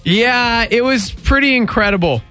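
A bright, lively male morning-radio host who teases and jokes constantly, his pitch leaping around. Faint music sits underneath his voice. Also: moderate pace. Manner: teasing, jokey, animated.

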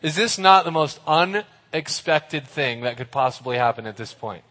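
A man preaching a lively youth sermon, joking and getting the audience to join in. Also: fairly high pitch, moderate pace, long reverb tail. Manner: animated, jokey, gets the audience involved.

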